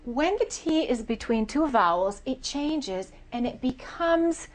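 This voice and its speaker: Slow, deliberate American woman teacher. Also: high-pitched, lively intonation. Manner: slow, deliberate, over-articulated demonstrations. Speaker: accent reduction trainer. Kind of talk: pronunciation lesson.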